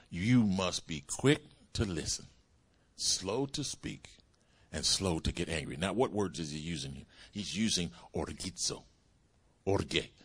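A man preaching a sermon as pastor, calling out hallelujah and praise the Lord as his pitch swings up and down. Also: a bit bright, husky. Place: church sanctuary.

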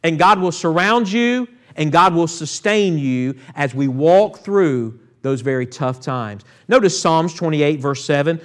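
A man preaches in a church sanctuary. His voice sits a little high for a man. He reads Scripture aloud and often turns to call out to the congregation. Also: measured pace, few pauses. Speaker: pastor. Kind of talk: sermon.

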